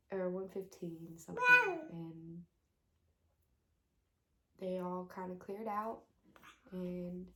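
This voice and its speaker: A young woman vlogger telling a personal story to the camera, emotional and halting, with many pauses. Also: mid-range voice, fairly bright tone. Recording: echoey room.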